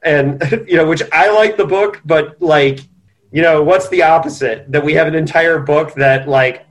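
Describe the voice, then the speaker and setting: A man's voice: fairly high pitch, moderate pace. A man co-hosting a podcast, discussing a novel in casual chat, thinking aloud with earnest restarts. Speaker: podcast co-host.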